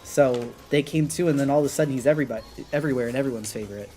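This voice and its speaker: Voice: medium pitch, racing, dark tone, soft background music. A streamer chatting casually while drawing, rambling with lots of fillers and restarts. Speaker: art streamer. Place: apartment on an upper floor.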